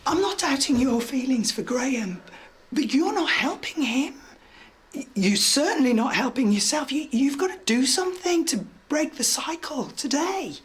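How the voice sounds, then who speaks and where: A woman's voice: sits high, animated, normal speed, a little hiss or hum. An actress playing a caring, outspoken middle-aged woman who speaks firmly and persuasively in a TV drama. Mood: insistent. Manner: firm and persuasive, with small stumbles. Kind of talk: TV drama acting.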